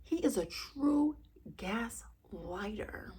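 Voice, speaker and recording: A woman chatting casually as she reviews a reality show, sassy and gossipy with animated asides. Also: mid-range voice, a little slow, creaky, husky.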